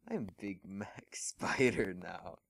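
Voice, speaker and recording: A man reading the lines of a gentle, polite big male pony turned spider in a casual fan fiction reading, in a slow, low voice close to his own. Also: expressive, vocal fry, slight background noise, heavily acted. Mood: earnest. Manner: read plainly, without his usual put-on voice.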